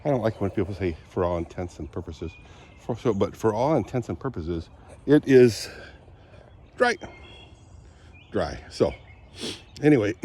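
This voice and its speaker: A man with a lingering cold giving a rambling, chatty outdoor walk-and-talk vlog on his farm, often clearing his throat and coughing. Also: lowish voice, a little mellow. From Southwest Michigan. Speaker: vlogger.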